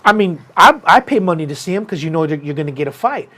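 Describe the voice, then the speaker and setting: A somewhat high-voiced man chatting casually on a combat sports show. He tells his story with animated energy and slips into a raised voice whenever he quotes someone. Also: fast. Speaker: podcast host.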